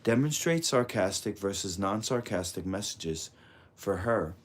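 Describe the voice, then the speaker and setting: A man with a fairly low voice reads a parenting book aloud. His delivery is calm, measured and instructive, in the steady manner of scripted audiobook narration.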